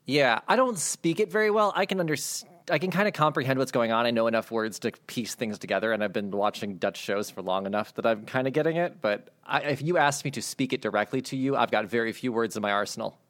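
A man's voice: mid-range voice, quick pace, few pauses, fairly bright tone. Casting: man, easygoing and self-mocking, casual podcast banter. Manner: laughs easily, self-deprecating. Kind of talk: casual chat.

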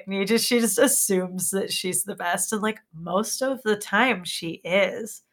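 Bright-voiced chatty woman podcaster. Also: fairly high pitch, moderate pace. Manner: chatty, animated, heavy on filler words. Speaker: podcast co-host. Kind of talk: casual chat.

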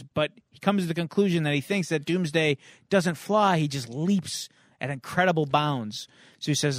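A man with a high voice casually retells a comic book plot on a podcast. He is animated and chuckles between beats. The sound is close and dry, with no room echo. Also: normal speed. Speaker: podcast co-host.

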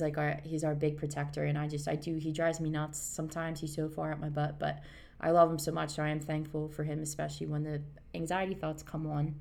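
A woman's voice: deep voice, gravelly, a little mellow. A woman in her thirties co-hosting a casual podcast, rambling and earnest as she reassures listeners. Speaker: podcast co-host. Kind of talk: casual chat.

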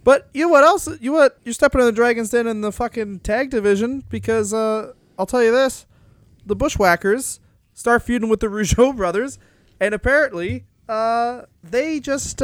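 A man's voice: extremely high pitch, no echo. A man co-hosting a comedy podcast, telling stories eagerly and laughing along. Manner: laughing, enthusiastic storytelling. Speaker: podcast co-host. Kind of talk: casual comedic podcast banter.

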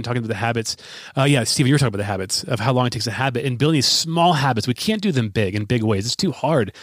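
Guy in his 30s hosting a podcast, rambly and self-deprecating, mid pitch, dry close sound. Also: no room sound. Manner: rambling, self-deprecating storytelling with frequent restarts. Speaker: podcast host. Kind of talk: casual podcast chat.

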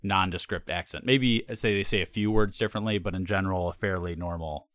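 A man's voice: low-pitched, brisk, a bit bright, no room sound, clean studio sound. A man in casual conversation, easygoing and rambling, laughing often as he talks. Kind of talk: casual chat.

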